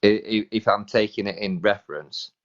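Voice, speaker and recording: A man's voice: lowish voice, steady tone, normal speed, fairly bright tone. A British man hosting a live stream, chatting casually and hesitantly, often restarting his sentences. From Britain. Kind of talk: casual chat. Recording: dull lo-fi live stream audio.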